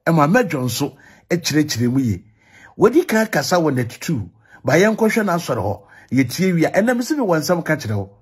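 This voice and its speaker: A man's voice: fairly high pitch, a little mellow, slightly rough. A man with a Ghanaian accent, hosting a news show and presenting with emphatic, repeated slogans. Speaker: show host.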